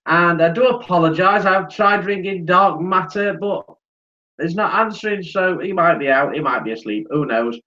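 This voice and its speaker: Man, stream host, high voice, chatty, a few drinks in, muffled lo-fi audio. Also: normal speed, bright, forceful tone. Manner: chatty, apologetic, greets viewers by name. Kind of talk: casual live stream chat.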